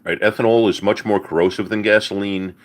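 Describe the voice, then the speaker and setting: This middle-aged host of a live car-advice stream talks a little fast in a fairly low, steady voice. He breaks down mechanics folksily, filling gaps with "all right" and "uh" and addressing viewers as folks and buddy.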